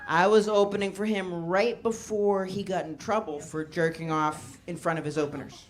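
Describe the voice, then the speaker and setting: A woman performing a stand-up set, telling stories in an animated way and acting out what people said. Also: lowish voice, normal speed. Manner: animated storytelling, acting out quotes. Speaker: stand-up comedian. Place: comedy club stage. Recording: live club recording with audience noise. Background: audience laughter.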